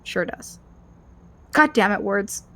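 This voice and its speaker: A woman's voice: mid-range voice, lively intonation, slow pace, bright, forceful tone. A woman co-host reading a story game's narration aloud, stumbling over words and laughing often.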